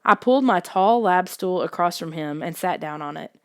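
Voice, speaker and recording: A woman narrating a children's story in the first person with expressive storytelling. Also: on the low side, normal speed, dry recording, clean studio sound. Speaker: audiobook narrator.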